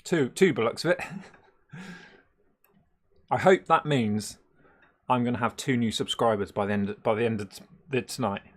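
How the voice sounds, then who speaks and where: A man's voice: medium pitch, moderate pace, pauses often. A man chatting casually on a live stream, rambling and laughing often, with many hesitant fillers.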